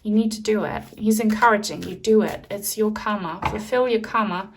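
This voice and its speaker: A woman's voice: medium pitch, steady tone, moderate pace, slight background noise. A young woman from Germany giving an enthusiastic, chatty tarot card reading to her viewers. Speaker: tarot reader.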